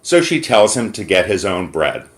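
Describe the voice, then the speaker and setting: An American man making an angry complaint call over the phone, emphatic and pausing to choose his words. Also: deep voice, big pitch swings. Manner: indignant, emphatic, pauses to pick words. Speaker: caller reporting to corporate. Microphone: phone call recording.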